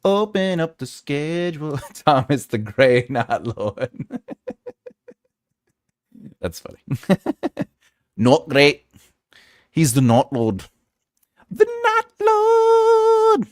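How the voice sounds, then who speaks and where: A man in his forties chatting casually with his audience during a writing stream. His pitch swings around a lot as he talks. He jokes often, laughs easily and wanders off into rambling asides. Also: lively intonation, slow, pauses often. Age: 40s. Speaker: writing channel host. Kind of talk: casual livestream chat.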